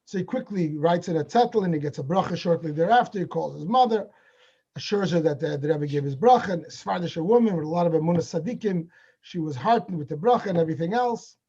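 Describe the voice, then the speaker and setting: A man telling a story at a Hasidic gathering in an animated way, acting out the dialogue as he goes, heard over a video call. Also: on the high side, fast talker, husky, highs cut off. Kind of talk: storytelling talk.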